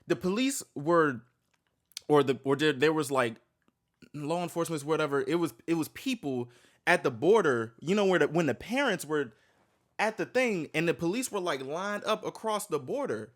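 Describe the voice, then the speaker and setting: A man's voice: fairly high pitch, expressive, normal speed. A man giving loose, rambling reaction commentary with lots of restarts and casual swearing. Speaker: reaction streamer.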